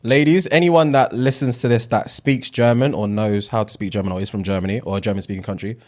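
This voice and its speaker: A man's voice: on the low side, steady tone, fast talker, darkish tone. A young man co-hosting a podcast, chatting casually and earnestly, often repeating himself. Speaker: podcast co-host. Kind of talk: casual banter.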